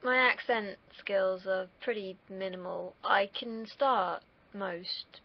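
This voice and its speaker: Gravelly young woman rambling. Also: mid-range voice, slow. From United Kingdom. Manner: rambling, candid, swears freely. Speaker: streamer. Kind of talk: casual solo livestream chat. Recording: dull lo-fi mic.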